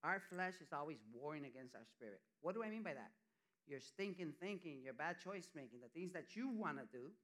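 A middle-aged church elder preaching a conversational sermon, often acting out what people say. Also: male voice, a little high, fairly bright tone.

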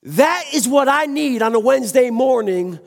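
A man's voice: very high voice, expressive, moderate pace, creaky. A man preaching a sermon with passion, exclaiming and speaking to the congregation. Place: church sanctuary. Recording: long hall reverb.

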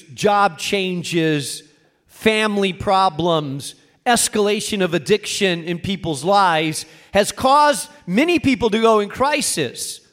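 A man with a fairly high voice preaches a sermon. He speaks earnestly and builds to emphatic high points. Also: a bit bright. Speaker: pastor.

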